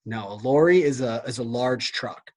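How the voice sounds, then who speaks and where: A man with an American accent, co-hosting a casual book podcast and quizzing his friend in a relaxed, chatty way. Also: mid-range voice, moderate pace. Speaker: podcast co-host. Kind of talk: casual chat.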